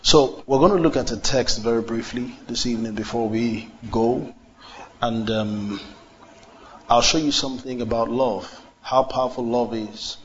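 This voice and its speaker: A man's voice: medium pitch, fairly even intonation, normal speed, fairly bright tone. A man preaching a sermon, drawing answers from the congregation with repeated questions. The recording is slightly dull, with a faint hiss underneath. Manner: call-and-response preaching, asks the congregation questions.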